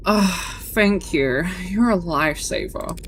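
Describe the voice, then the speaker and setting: A young woman streaming a game and chatting casually with her viewers, bubbly and talkative, often trailing off with quick laughs. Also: fairly low pitch, animated, a little hiss or hum. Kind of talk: casual live-stream chat.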